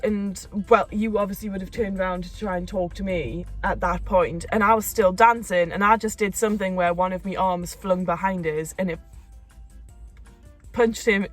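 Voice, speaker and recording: A young woman, telling a story in a casual chat, animated and quick to laugh. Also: mid-range voice, faint music behind. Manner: animated, laughing, acts out quotes. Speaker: co-host of a couple's channel.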